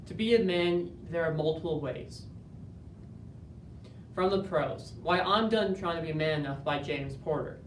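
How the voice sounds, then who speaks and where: A man giving an earnest, measured dramatic interpretation performance that builds to moments of intense emphasis. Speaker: speech competitor. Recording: roomy, distant, faint rumble.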